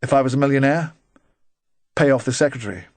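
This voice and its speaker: Narrator doing a practical younger colleague, blunt, everyday pitch. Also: male voice, fast talker, dry recording, natural voice. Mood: offhand.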